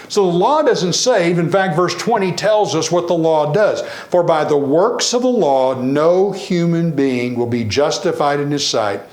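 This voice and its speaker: A man preaching a sermon in a church, animated, varying his pace and acting out the people he quotes. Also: a little high, roomy sound. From Tennessee.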